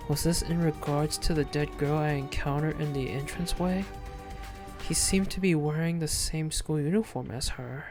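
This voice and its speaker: A game streamer doing live gameplay commentary, reading the on-screen text aloud and thinking out loud. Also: mid-range voice, steady tone, moderate pace, music in the background.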